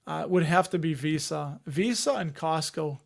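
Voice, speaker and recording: A man's voice: a little high, moderate pace, creaky. A man hosting an investing live stream, chatting casually and rambling as he answers viewers' comments. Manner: rambling, conversational, reads chat comments aloud.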